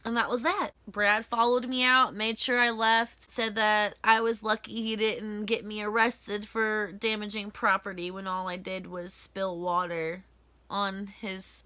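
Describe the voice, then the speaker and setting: A woman's voice: mid-range voice, level tone, unhurried, pushed and bright, no room sound. A young woman telling a story-time vlog, heated and ranting with lots of swearing. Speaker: vlogger.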